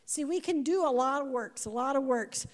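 Woman, fifties, preacher, high voice, animated sermon, repeats words, questions to the congregation, long church reverb. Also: normal speed.

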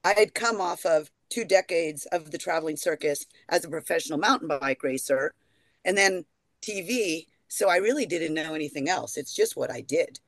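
A woman's voice: low-pitched, lively intonation, moderate pace, fairly bright tone, dry recording. An American woman guest in a casual podcast chat, playful and frank, laughing easily. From United States.

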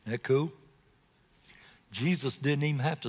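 A man's voice: mid-range voice, animated, a little slow, long pauses, big-room sound. A man preaching a sermon as a guest preacher, telling a scripture story dramatically and asking his listeners direct questions. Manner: asks the congregation direct questions.

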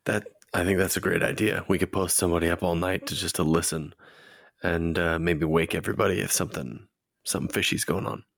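A man's voice: low-pitched, fairly even intonation, a little fast, vocal fry, fairly bright tone, no room sound, clean studio sound. A man playing a tabletop game, chatting casually and a little hesitantly. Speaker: player.

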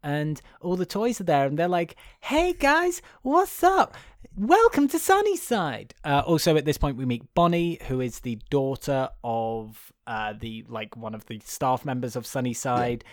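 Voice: medium pitch, moderate pace, few pauses, no echo, studio quality. A podcast co-host, casually retelling a film plot and swearing freely. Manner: chatty, swearing, animated storytelling with playful voices. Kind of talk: casual film recap chat.

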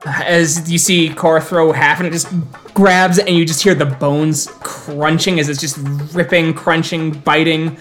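A man's voice: fairly high pitch, steady tone, measured pace, a bit bright, faint music behind. A man narrating as storyteller of a tabletop role-playing game, loose and casual with fillers.

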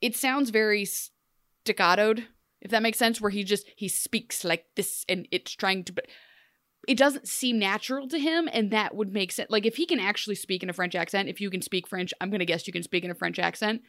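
A woman's voice: medium pitch, a little fast, a bit bright, dry recording. Dry-sounding woman co-host. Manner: conversational, laughs between remarks. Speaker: podcast co-host. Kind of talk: casual chat.

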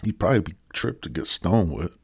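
Brief: deep-voiced male podcast host, husky, loose and profane, riffing solo. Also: very animated, brisk, darkish tone. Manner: rambling, profane, joking. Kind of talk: casual solo podcast monologue.

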